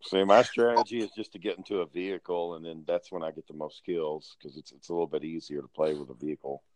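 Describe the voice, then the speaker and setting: A man's voice: sits low, fairly even intonation, fast, darkish tone, dry recording, poor audio. A man chatting casually about video games, laid-back and swearing freely. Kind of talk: casual gaming chat.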